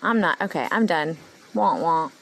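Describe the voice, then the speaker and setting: Woman, 30s, low gravelly voice, meandering heartfelt vlog monologue, faint hum behind. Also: expressive, normal speed, low-quality recording. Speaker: vlogger. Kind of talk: rambling personal monologue.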